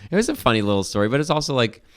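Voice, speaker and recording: A man's voice: mid-range voice, very animated, racing. A man co-hosting a podcast in casual chat, rambling with lots of "like" and frequent swearing. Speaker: podcast co-host.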